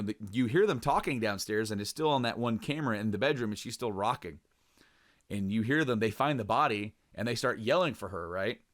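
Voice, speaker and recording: A young man in casual podcast chat, rambling with lots of fillers and restarts, cursing freely and jumping into a raised voice to act out quoted lines. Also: medium pitch. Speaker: podcast co-host.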